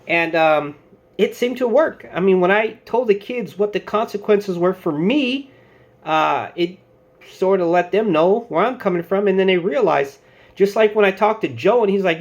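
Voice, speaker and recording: A man's voice: high-pitched, expressive, moderate pace, dull audio. A man, in his thirties, giving casual advice to camera and telling stories, acting out what bosses and coworkers said. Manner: loose storytelling, acting out quoted bosses and coworkers. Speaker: security channel host giving advice.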